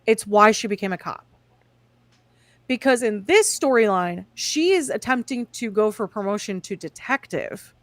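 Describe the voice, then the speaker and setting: A woman co-hosting a podcast in casual chat, animated and opinionated, often laughing. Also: medium pitch, normal speed, dry recording. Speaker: podcast co-host.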